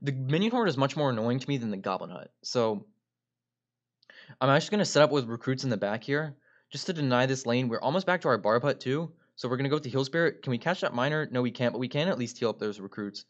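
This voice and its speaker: A man narrates his gameplay in an upbeat play-by-play style, calling out each move as he makes it and regularly speaking straight to his viewers. His voice sits at an ordinary middle pitch for a man. The recording sounds a little dull and lo-fi. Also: expressive, quick pace. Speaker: gaming video creator. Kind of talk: gameplay commentary.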